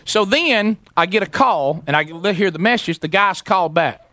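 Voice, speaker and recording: A man's voice: high-pitched, animated, moderate pace, pushed and bright, dry recording, studio quality. A middle-aged man telling a story on a talk show, acting out both sides of the conversation. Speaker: radio show host.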